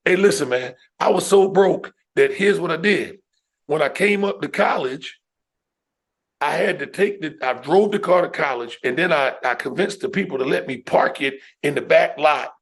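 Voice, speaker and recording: A middle-aged man from New York, a guest educator and speaker telling his life story on a podcast in an emphatic, animated way. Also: fairly high pitch, creaky. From New York, USA. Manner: emphatic, animated storyteller who addresses the listener with "man" and "right?".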